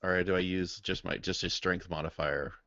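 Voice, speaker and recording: Hesitant man at a gaming table, low gravelly voice, dry dull lo-fi mic. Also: fairly even intonation, normal speed, pushed and bright, dry recording. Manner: hesitant, lots of ums. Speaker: player. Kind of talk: casual tabletop game chat.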